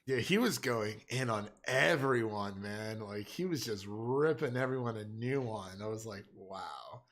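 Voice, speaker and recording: A young man hosting a casual film chat, animated and rambling, laughing often. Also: medium pitch, unhurried. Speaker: film podcast host.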